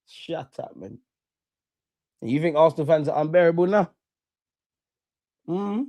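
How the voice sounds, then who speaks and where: A young watchalong streamer provides casual live football commentary, chatting in slang and sounding bored. His voice leans high, expressive and mellow; he speaks a little slowly, pauses often, and there's no echo.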